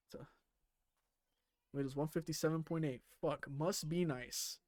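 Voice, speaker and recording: Rambling man with a slightly high voice. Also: steady tone, moderate pace, a little mellow, no echo. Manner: rambling, casual swearing, lots of fillers. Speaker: streamer. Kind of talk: casual chat while playing a game.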